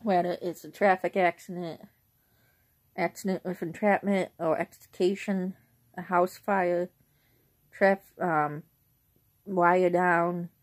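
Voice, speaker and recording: A woman's voice: on the low side, flat delivery, slow pace, pauses often. Rambling young woman vlogging. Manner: rambling, with frequent throat clearing. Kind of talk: casual chat.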